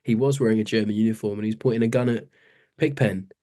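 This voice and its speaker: A man's voice: on the low side, steady tone, fast talker, warm tone. A man co-hosting a podcast in casual chat, laughing and recounting film scenes animatedly. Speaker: podcast co-host.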